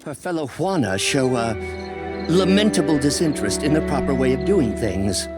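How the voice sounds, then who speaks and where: A man's voice: medium pitch, animated, normal speed, over loud music, pitched above the performer's own voice, natural voice. A man voicing a pompous, hot-tempered middle-aged official who is easily insulted. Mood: haughty. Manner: stiff, pompous, erupts in rage.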